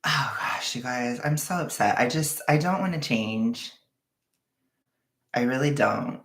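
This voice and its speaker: Slow, gravelly Californian woman vlogging. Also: very deep voice, animated, reverberant. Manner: rambling, sighing and laughing, frank and frustrated. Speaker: vlogger chatting with a live audience. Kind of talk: casual livestream chat.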